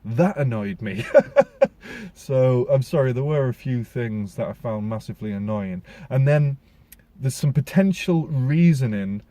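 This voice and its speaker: A man's voice: mid-range voice, measured pace, dark tone, dry recording. A man ranting sarcastically in a casual solo film review podcast, with frequent restarts and ums.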